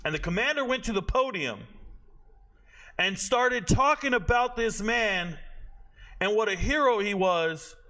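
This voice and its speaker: A man around forty with a high, bright, forceful voice, ranting casually about sports. He talks bluntly with plenty of swearing and keeps drifting off into personal tangents. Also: lively intonation, unhurried, pauses often. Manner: blunt, profane, rambling into tangents. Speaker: sports commentator and show host. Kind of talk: casual opinionated rant.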